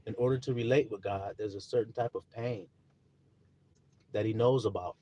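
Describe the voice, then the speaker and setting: A man preaching a sermon, reading scripture loudly and turning quiet for personal stories, often asking his listeners if they see. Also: lowish voice, steady tone, moderate pace, muffled recording. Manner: casual, blunt preaching with mild swearing.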